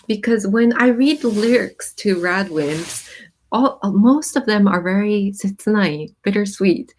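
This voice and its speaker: A woman hosting a casual live stream, reading song lyrics and explaining their meaning with many pauses and "um"s. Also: mid-range voice, darkish tone. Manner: thoughtful, pauses with many "um"s, reads lyrics aloud then explains.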